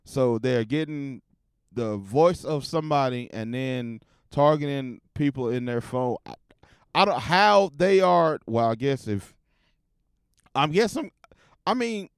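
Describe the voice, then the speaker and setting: A man's voice: mid-range voice, lively intonation, a little slow, clear, resonant tone, no room sound, clean studio sound. A man hosting his podcast, rambling casually with plenty of swearing while he loads clips. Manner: rambling, profane, talks to himself while loading clips. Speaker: podcast host. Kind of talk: casual chat.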